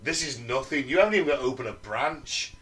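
A man co-hosting a casual chat podcast, reading research notes aloud and breaking off for jokey, sweary asides. His voice sits at a middling pitch and comes across a little distant from the mic. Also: animated, quick pace, fairly bright tone. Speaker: podcast co-host.

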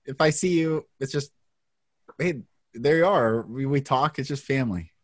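A man from Washington State hosting a podcast interview, upbeat and animated, laughing often. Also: mid-range voice, moderate pace, no echo, studio quality. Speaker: podcast host.

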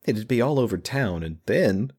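A man voicing a defeated, grieving village mother who talks in a flat, bitter monotone. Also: on the low side, normal speed, breathy edge. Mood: weary, bitter.

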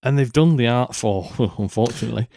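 A man's voice: medium pitch, fairly quick, creaky, mellow, no echo, studio quality. A man co-hosting a podcast, chatting casually with lots of ums and restarts. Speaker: podcast co-host. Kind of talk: casual chat.

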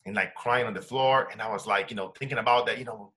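Bright-voiced man telling his story. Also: mid-range voice, quick pace, hardly any pauses. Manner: emotional, drops to a hushed voice when quoting his wife. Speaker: interview guest. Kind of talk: personal storytelling.

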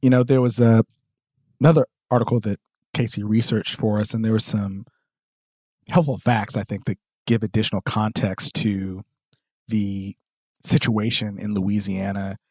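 A man's voice: fairly low pitch, little pitch movement, normal speed, a little mellow, no echo, clean studio sound. A man with a Southern US accent co-hosting a podcast, reading quotes aloud from articles with plenty of fillers. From American South. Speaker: podcast co-host. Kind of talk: casual discussion podcast.

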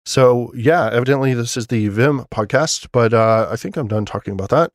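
A man's voice: medium pitch, normal speed, no echo, studio quality. A man hosting a solo podcast, talking casually and enthusiastically with lots of fillers and restarts. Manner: enthusiastic about his setup. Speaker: podcast host.

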